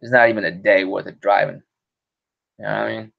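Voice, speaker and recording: A man's voice: lowish voice, fairly even intonation, fairly quick, vocal fry, highs cut off. A man hosting a podcast stream, chatting casually in a rambling, profane way and laughing often. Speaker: podcast host. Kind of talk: casual solo stream chat.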